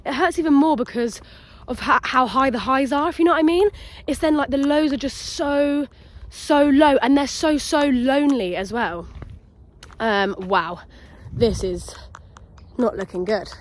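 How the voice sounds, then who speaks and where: A woman in her early twenties, talking in a rambling, excitable way as she chats to her phone while walking outdoors. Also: high voice, unhurried. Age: 20s. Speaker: podcast host. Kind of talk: casual chat vlog. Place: outdoors in a nature reserve.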